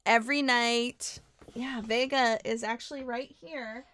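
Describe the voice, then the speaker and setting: A woman's voice: on the high side, fairly even intonation, a little slow, a bit bright. A woman co-hosting a podcast in casual chat, talking with enthusiasm and laughing often. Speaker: podcast co-host; parent.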